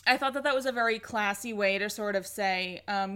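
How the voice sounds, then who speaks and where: A young woman co-hosting a podcast in casual chat, excitable and gushing, swearing freely. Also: mid-range voice, brisk, few pauses, clean tone. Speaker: podcast co-host.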